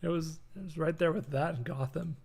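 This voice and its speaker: A man's voice: a little high, a little fast, gravelly, a little mellow, breathy edge. A young man hosting a casual live-streamed design tutorial from his apartment, talking loosely with many fillers and reading chat messages aloud. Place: home apartment.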